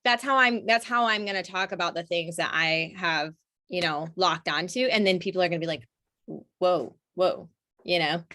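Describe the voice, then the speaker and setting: A woman guest in casual conversation, her voice bright and forceful and pitched a little low. She talks in quick bursts, restarting sentences and laughing often. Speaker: interview guest.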